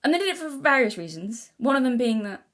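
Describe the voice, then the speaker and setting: Speaking in a high, sing-song, fairly bright voice at a brisk pace, a young female vlogger talks casually and without a script. She's earnest and rambles as she thinks aloud, frequently restarting and correcting herself.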